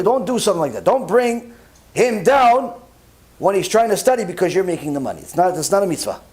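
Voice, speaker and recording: A man giving a Torah sermon as a rabbi, animated, acting out both sides of conversations and dropping in Hebrew religious terms. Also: sits high.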